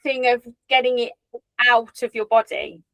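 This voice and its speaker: A woman's voice: a little high, level tone, normal speed, a bit bright, no echo, poor audio. A woman co-hosting a casual chat, supportive and agreeable, summing up points. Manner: supportive, frequent short agreements. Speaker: podcast co-host.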